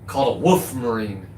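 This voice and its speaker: A middle-aged man talking casually on his livestream, rambling from topic to topic in a loud, profane, boisterous way. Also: medium pitch, roomy sound, slight background noise. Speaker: livestreaming content creator.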